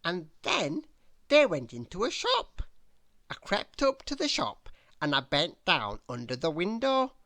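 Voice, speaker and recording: A woman reads a children's bedtime story aloud in an expressive, first-person way. Her pitch swings widely as she goes, at a slow, unhurried pace. The recording is dry and close. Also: no room sound.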